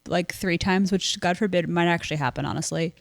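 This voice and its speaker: A woman's voice: fairly low pitch, brisk, creaky, no room sound. A woman co-hosting a podcast, chatting about politics in a wry, easygoing way. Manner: wry, easygoing, laughs readily. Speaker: podcast co-host. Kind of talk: casual political chat.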